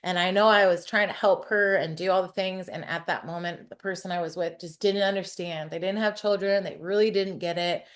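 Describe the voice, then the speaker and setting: A woman's voice: on the low side, fairly even intonation, a little fast, hardly any pauses. A woman in her forties, a hairstylist telling her personal story in an interview, frank and chatty with some casual swearing.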